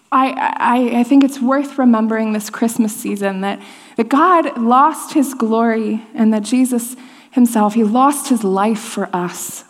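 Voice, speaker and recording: A woman's voice: on the high side, a little mellow. Chatty woman preaching in an echoey hall. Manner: conversational storytelling, many filler "like"s and restarts. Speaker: speaker giving a sermon. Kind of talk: sermon with personal story. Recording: long hall reverb.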